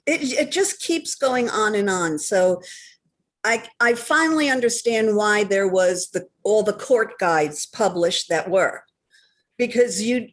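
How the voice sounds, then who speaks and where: Lady author guest on a podcast, bit high voice, animated and chatty. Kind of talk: casual podcast chat.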